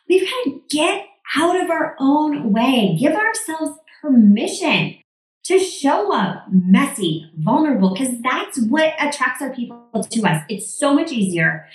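A woman guest with a high, very animated voice shares her views in casual chat, acting out her own thoughts along the way. She sounds set back from the microphone in a roomy, echoing space. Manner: lively and upbeat, quotes her own inner talk. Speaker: podcast guest, mom and business founder. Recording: echoey room, distant from the mic.

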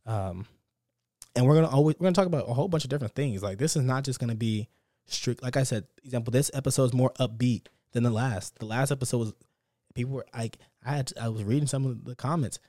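A man's voice: mid-range voice, fast, warm tone, no room sound. A young man hosting his own podcast alone, talking unscripted in an upbeat, motivational, repetitive way into a close mic. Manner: talks from the heart without a script. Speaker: podcast host. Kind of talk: casual solo podcast monologue.

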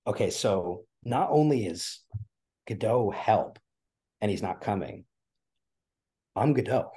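A man's voice: fairly low pitch, expressive, slow, mellow, slightly rough. A man guest on a podcast, talking earnestly and emotionally about theater, getting choked up as he tells a story. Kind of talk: conversational interview.

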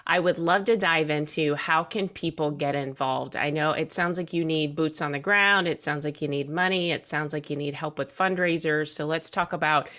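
Low-voiced woman podcast host. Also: moderate pace, hardly any pauses. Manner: warm, encouraging, affirming. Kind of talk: casual interview chat.

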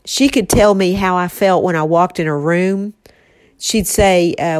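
A woman with a somewhat low voice speaks tenderly and reflectively, her words halting now and then as she gets choked up. The sound is close and dry, with no room around her. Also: darkish tone, no room sound. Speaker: host remembering a late friend with her mother. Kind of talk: casual heartfelt conversation.

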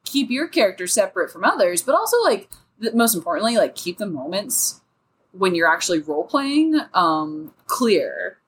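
A woman's voice: mid-range voice, very animated, normal speed, husky. A woman co-hosting a casual podcast chat about tabletop role-playing, talking in a chatty way with many fillers. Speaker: podcast co-host.

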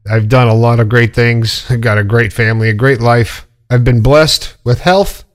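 A middle-aged man talks straight into his podcast with blunt, casual, preachy energy. He swears freely, rambling through his advice in an everyday, mid-pitched voice. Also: normal speed. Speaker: podcast host. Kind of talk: casual monologue.

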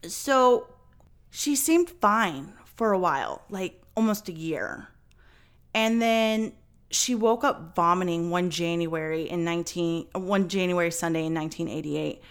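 A woman's voice: fairly low pitch, a little slow, smooth. A woman hosting a podcast, telling a story in casual chat with lots of fillers and some swearing. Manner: chatty, many fillers, swears. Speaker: podcast host.

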